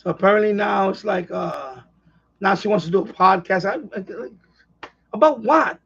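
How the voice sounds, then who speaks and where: A man's voice: sits high, lively intonation, moderate pace, vocal fry, a bit bright, slightly rough. A man hosting a casual live stream chat, rambling and exasperated as he rants. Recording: dull lo-fi live stream audio.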